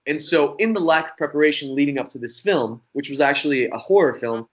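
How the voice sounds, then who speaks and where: A man's voice: a little high, brisk. A young man, a magician guest, telling a story in a casual, rambling way and swearing freely. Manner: profane, rambling, animated.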